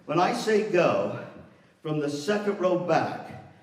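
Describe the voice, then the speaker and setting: A man's voice: a little high, big pitch swings, slow. Playful older man teasing a hall audience. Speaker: guest speaker. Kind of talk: motivational talk. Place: university hall. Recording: roomy hall from far off.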